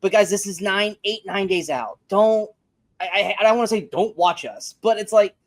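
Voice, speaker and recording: A male podcast co-host with a high voice talks at a moderate pace in a casual review chat. The recording is dry and close, and he rants emphatically, blunt and profane.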